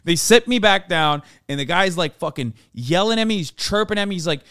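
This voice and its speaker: Young male podcast host, slightly high voice, dry close sound, animated storyteller who acts out quotes. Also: fairly quick, clean tone, dry recording. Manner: animated storytelling, acting out quotes, frequent swearing. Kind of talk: casual storytelling chat.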